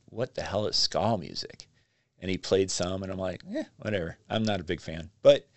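Low-voiced man telling lively stories. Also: dry recording. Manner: animated storyteller acting out quotes. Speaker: podcast guest, magazine publisher. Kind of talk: casual storytelling interview.

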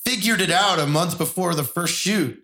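A man co-hosting a casual podcast chat, telling stories in a relaxed way. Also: high voice, normal speed. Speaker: podcast host.

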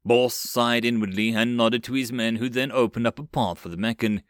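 A man narrating a web novel audiobook with expressive storytelling. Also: medium pitch, moderate pace, hardly any pauses, dry recording, clean studio sound.

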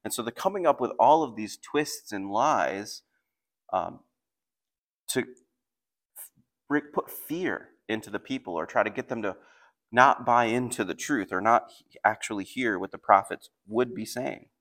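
This pastor's voice sits on the low side, animated and a bit bright, and he speaks unhurriedly with long pauses. In his sermon he explains a passage in plain terms and reads scripture aloud with rising intensity.

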